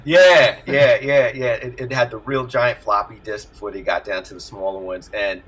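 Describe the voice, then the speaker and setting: A middle-aged man, a music producer, telling stories in an animated way and laughing often during a casual interview over a video call. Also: fairly low pitch, normal speed, breathy edge, rough recording. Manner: animated storyteller, laughs often, acts out voices.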